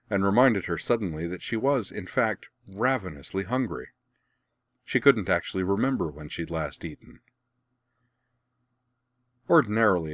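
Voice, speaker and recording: Deep-voiced male audiobook narrator. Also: no room sound, studio quality. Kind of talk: scripted audiobook narration of fan fiction.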